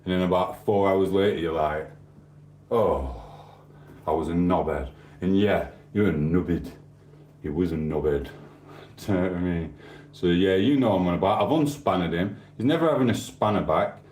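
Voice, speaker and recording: A man's voice: low-pitched, normal speed, a little mellow, reverberant, a little hiss or hum. A man hosting a stream, rambling in casual chat with swearing and asides to viewers. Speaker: livestream host.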